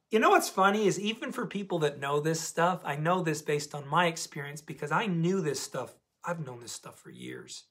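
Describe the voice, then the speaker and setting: A man's voice: a little high, fairly bright tone. A man coaching a diet program community in a casual, emphatic talk to camera, repeating key words for stress.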